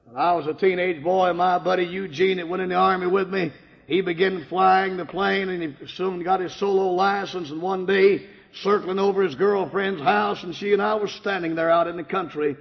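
An older man giving a fervent sermon testimony, swinging from hushed tones to loud outbursts. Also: sits high, steady tone, moderate pace, gravelly. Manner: impassioned, swings from hushed to shouting. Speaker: preacher giving his testimony. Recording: dull lo-fi recording in a reverberant hall.

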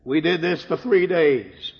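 Preacher guy, kinda high voice, telling his story in a big echoey church, dull old recording. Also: a little slow, creaky. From Michigan. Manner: emotional storytelling, rising to cries at peaks. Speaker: preacher giving testimony. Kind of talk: sermon testimony. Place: church sanctuary. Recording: dull lo-fi sound in a reverberant hall.

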